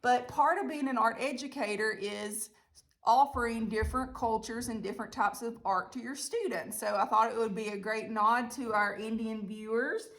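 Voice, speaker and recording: A woman's voice: fairly high pitch, moderate pace, a bit bright. A woman with a Southern US accent teaching an online art lesson, giving friendly step-by-step directions. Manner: friendly, chatty, step-by-step instructions.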